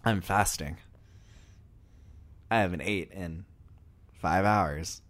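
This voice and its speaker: Deep-voiced man hosting a casual podcast. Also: slow pace, fairly bright tone. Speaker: podcast host. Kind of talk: casual chat.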